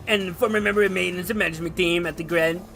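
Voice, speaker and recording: A man voicing a stern corporate enforcement officer who reads out a formal arrest in a measured, bureaucratic way. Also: high voice, steady tone, creaky, bright, forceful tone, exaggerated voice.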